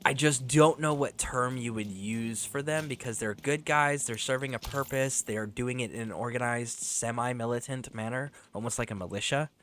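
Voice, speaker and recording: A male game streamer talking to his chat in a relaxed, rambling way. He laughs often, swears freely, and slips into storytelling between bits of gameplay. His voice sits at an ordinary, middle pitch. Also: normal speed, few pauses, slight background noise.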